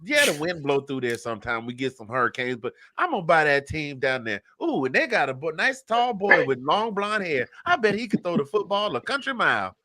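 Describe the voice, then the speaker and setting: A man's voice: lowish voice, animated, moderate pace, pushed and bright, no room sound. A man putting on the voice of a boastful billionaire tycoon with a folksy Texas-style drawl. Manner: exaggerated, rambling and braggy.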